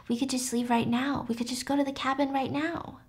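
Woman doing lovesick young stalker man, earnest and pleading, voice a touch high. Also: flat delivery, fairly quick, a little mellow, breathy edge. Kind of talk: casual recap with quoted lines.

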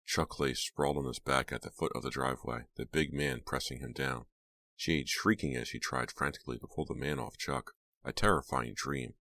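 Very deep-voiced man narrating an audiobook. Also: normal speed, gravelly, bright, forceful tone, no echo.

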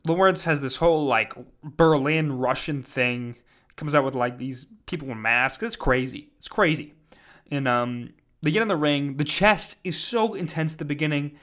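A podcast host recaps a live event, rambling casually and leaning heavily on fillers and "like." His voice sits fairly high and a bit bright, at a normal speed.

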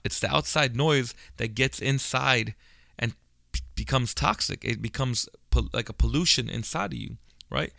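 Gravelly, profane man talking bluntly. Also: medium pitch, sharp tone, dry recording, studio quality. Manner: blunt, profane and rambling, with many restarts. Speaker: podcast host. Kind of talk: casual monologue.

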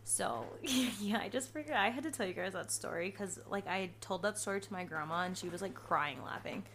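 A woman in her twenties hosting a podcast, telling stories in a casual, profane, animated way. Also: mid-range voice, fairly quick, a little hiss or hum. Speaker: podcast host. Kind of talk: casual storytelling monologue.

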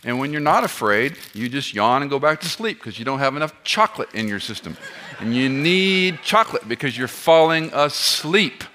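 A man preaching an expository sermon, animated, firing rhetorical questions at the audience and dropping joking asides. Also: mid-range voice, normal speed, a little hiss or hum.

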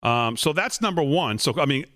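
A man's voice: fairly high pitch, animated, normal speed, pushed and bright, dry recording, studio quality. A man hosting a political talk show, reading messages aloud and going through his points one by one. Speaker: host. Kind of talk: political commentary.

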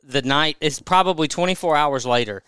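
Guy telling a funny story on a podcast, smooth voice, dry sound. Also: fairly high pitch, normal speed, dry recording. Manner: animated, laughing storyteller. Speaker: podcast guest. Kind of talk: casual storytelling.

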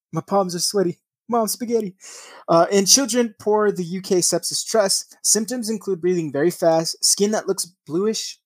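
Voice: mid-range voice, no echo. A young adult podcast host casually reading news stories aloud, swearing often, laughing and tripping over words.

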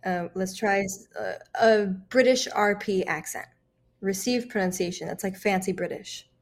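A woman's voice: mid-range voice, moderate pace, creaky. A woman with an American accent coaching accents, encouraging and full of fillers like "um". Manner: encouraging, many fillers, laughs often. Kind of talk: coaching lesson conversation.

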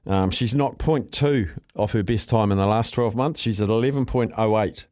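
A man's voice: fairly low pitch, a little mellow, no echo, clean studio sound. New man hosting talkback radio. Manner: chatty, quick to agree with callers. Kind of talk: casual talkback chat.

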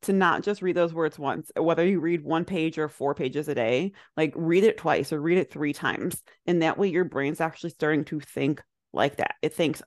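A woman's voice: deep voice, moderate pace, few pauses, no echo, studio quality. A young adult woman co-hosting a podcast, talking in a rambling, reflective way, full of "like" fillers. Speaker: podcast co-host. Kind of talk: casual chat.

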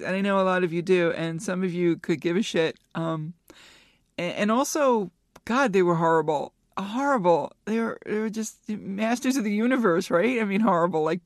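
A woman's voice: medium pitch, animated, normal speed, no echo, clean studio sound. Rambling, profane woman podcaster. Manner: rambling, candid and profane, thinking aloud. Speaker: podcast host. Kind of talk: casual solo podcast chat.

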